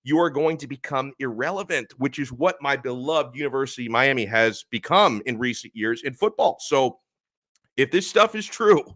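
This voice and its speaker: An animated man hosts a live sports talk stream, leaning hard on his points and reading out viewer comments. His voice is bright and forward, recorded dry and close with no room sound. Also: mid-range voice, normal speed, no room sound. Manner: animated, emphatic, reads chat comments.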